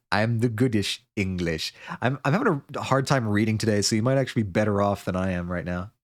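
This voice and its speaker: A man's voice: on the low side, normal speed. A man streaming a video game live, chatting casually, joking, laughing, and reading viewer messages aloud.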